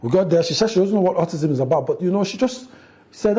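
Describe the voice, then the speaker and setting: A middle-aged man, telling a family story in an interview, animated and acting out the quotes, with frequent restarts. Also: sits high, fast. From Nigeria. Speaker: interview guest, father.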